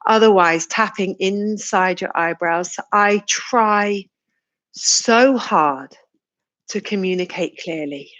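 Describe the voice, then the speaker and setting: A woman leading a live tapping session, giving slow, soothing guidance and phrases to repeat, with sighs and yawns along the way. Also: medium pitch, a bit bright.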